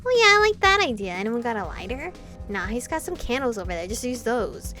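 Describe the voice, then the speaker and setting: Woman reading rough vampire thugs, swaggering taunts. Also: fairly high pitch, very animated, fairly quick, pushed and bright, soft background music. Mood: taunting. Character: mocking male vampire thugs, crude and taunting.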